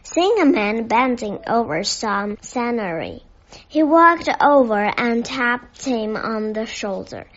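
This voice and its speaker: A woman reads a children's story aloud in a gentle, measured way. Her voice is somewhat high and very unhurried. The recording has an echoey room and a dull, muffled tone. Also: big pitch swings, soft background music. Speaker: narrator. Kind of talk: reading a children's novel aloud.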